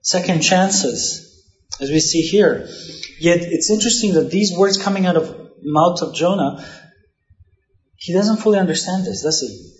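A man's voice: high-pitched, expressive, unhurried, long pauses, highs cut off. Conversational male pastor in a roomy space. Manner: conversational preaching with frequent "you know" asides. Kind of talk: sermon.

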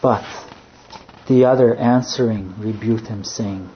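A man preaching a sermon, earnest in tone, dropping to a hush when he quotes. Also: medium pitch, measured pace. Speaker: pastor. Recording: dull lo-fi sound, faint background noise.

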